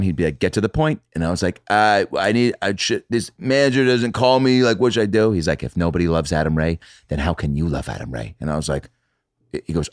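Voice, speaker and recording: Guy with a real deep voice telling wild stories, cussing a lot, dry close sound. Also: dry recording. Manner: animated storyteller, swears, acts out quotes. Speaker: podcast guest. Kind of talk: casual chat.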